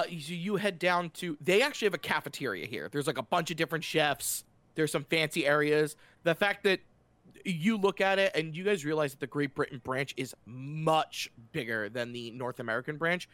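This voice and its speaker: A man's voice: a little high, animated, moderate pace, fairly bright tone, no echo. Chatty man running a tabletop game. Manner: chatty, loose, describes scenes with many fillers and restarts. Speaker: game master. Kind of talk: casual narration of a tabletop game.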